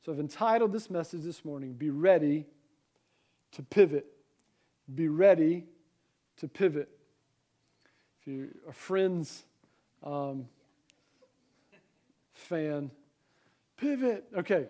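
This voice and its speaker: A man with a Southern American accent delivers a Sunday morning sermon. His voice sits high for a man. He mixes scripture reading with easy asides and rhetorical questions to the congregation. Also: slow pace, long pauses, dark tone. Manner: conversational preaching with rhetorical questions. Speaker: pastor.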